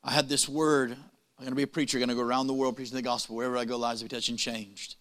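A man preaching a sermon, telling a story with dramatic pauses and quick, punning asides. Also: medium pitch, little pitch movement, a bit bright.

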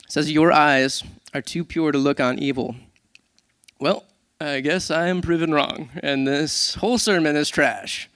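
A fairly high-voiced man preaches in a relaxed, conversational way, reading verses and then riffing on them with quick jokes at his own expense. The sound is dry and close, with no room echo. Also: smooth. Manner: conversational, animated, self-deprecating humor. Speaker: worship leader. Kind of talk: casual sermon.

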